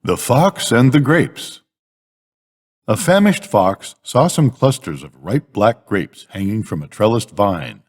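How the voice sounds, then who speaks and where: Expressive older man reading bedtime fables. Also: lowish voice, slow pace, big-room sound. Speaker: grandfather reading to a grandchild.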